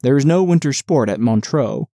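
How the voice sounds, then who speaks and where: A man's voice: mid-range voice, animated, normal speed, dark tone, no echo, clean studio sound, lightly acted. A man voicing a courteous but unyielding male official. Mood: stubborn. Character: stubborn, polite male local official.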